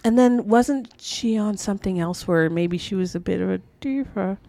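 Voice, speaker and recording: A woman's voice: medium pitch, moderate pace, vocal fry, dark tone. A woman co-hosting a podcast, chatty and teasing in casual talk. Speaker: podcast co-host. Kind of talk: casual chat.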